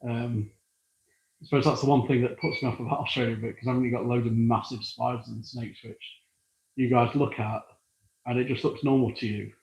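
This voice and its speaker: British guy rambling on a livestream in his workshop, husky voice. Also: medium pitch, steady tone, a little fast, darkish tone, muffled recording. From United Kingdom. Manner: chatty and rambling, thinking aloud. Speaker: livestream host. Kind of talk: casual live-stream chat while working. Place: workshop with a balloon printing machine.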